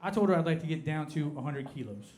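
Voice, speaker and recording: Performing a stand-up set on a club stage, this Appalachian man speaks with an American Appalachian accent in a slightly high voice. He talks fast but draws out his punchlines deadpan.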